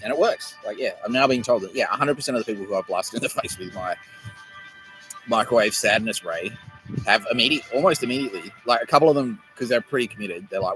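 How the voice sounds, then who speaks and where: A man's voice: on the low side, fast, fairly bright tone, soft background music, low-quality recording. A man hosting his own podcast, rambling, joking, swearing and laughing often as he talks to his camera. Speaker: podcast host. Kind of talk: rambling casual monologue.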